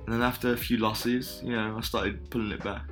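A man's voice: medium pitch, little pitch movement, a little fast, fairly bright tone, soft background music. A man co-hosting a podcast, chatting casually in a laid-back, joking way. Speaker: podcast co-host. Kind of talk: casual chat.

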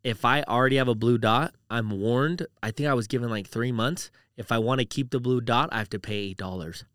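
A man's voice: medium pitch, fairly quick, fairly bright tone, smooth, no echo, studio quality. A man co-hosting a podcast in casual, rambling chat, full of "like" and "dude". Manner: rambling, uses "like" and "dude" a lot. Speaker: podcast co-host.

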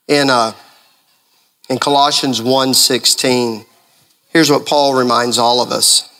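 A male pastor preaching a sermon in an animated way, full of rhetorical questions. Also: medium pitch, takes it slowly, pauses often.

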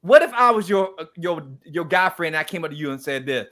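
A man speaking as a guest, telling a story in a lively, preacher-like way and acting out the quoted dialogue. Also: a little high, fast talker. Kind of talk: animated storytelling talk.

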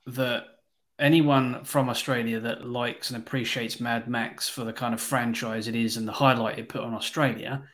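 A man's voice: medium pitch, steady tone, normal speed, fairly bright tone. A man hosting a casual podcast, blunt and swearing as he wraps up. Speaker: podcast host. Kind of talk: casual chat.

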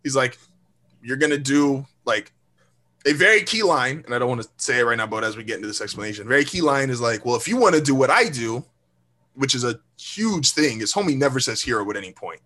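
Animated, profane man with bright voice. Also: medium pitch, fast. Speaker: podcast co-host. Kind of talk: casual chat.

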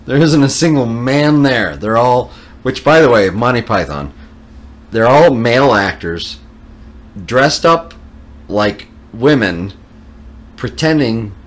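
A man's voice: medium pitch, expressive, takes it slowly, long pauses. A man in casual podcast chat, animatedly retelling a film scene and laughing at his own story.

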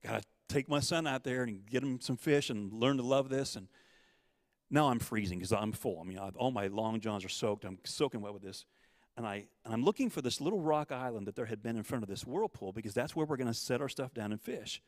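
Middle-aged man, testimony storyteller, animated, dry close sound. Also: mid-range voice, fairly quick, dry recording. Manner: animated storyteller, acts out quotes. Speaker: guest storyteller.

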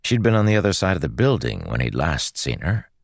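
A man narrating a novel as an audiobook, in a measured, even storytelling manner. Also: rumbling low, no room sound.

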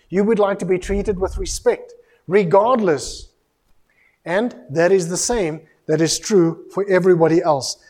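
High-voiced preacher telling Bible stories. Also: male voice, long reverb tail. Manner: animated storytelling preacher who acts out biblical dialogue; rises to a raised, emphatic voice when rebuking. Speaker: pastor. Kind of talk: sermon.

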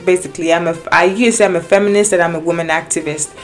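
A young woman telling her viewers a personal story in a casual, animated way, with many restarts and quoted exchanges. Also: on the low side, rapid-fire, faint music behind. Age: young adult. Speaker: vlogger.

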